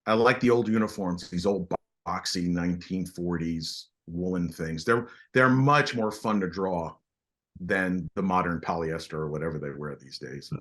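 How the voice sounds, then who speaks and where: Low-voiced and middle-aged, the guest artist shares stories in a casual interview setting. He's spirited in delivery, yet keeps stumbling and restarting.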